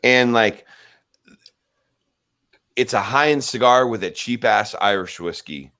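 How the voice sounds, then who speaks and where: A man's voice: medium pitch, takes it slowly, gravelly, pushed and bright. A man chatting casually as a podcast guest, laid-back and easygoing, with casual slang.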